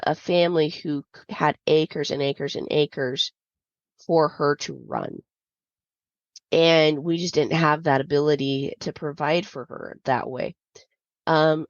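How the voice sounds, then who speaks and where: A woman's voice: low-pitched, no echo. A woman hosting a podcast, telling a personal story in a candid, confiding way with many fillers. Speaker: podcast host. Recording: dull lo-fi dry sound.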